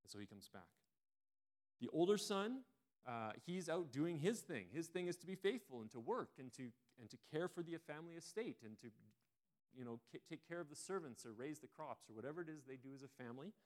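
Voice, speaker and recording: A man preaching a sermon, retelling a story in a relaxed, conversational way with frequent restarts. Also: a little high, brisk.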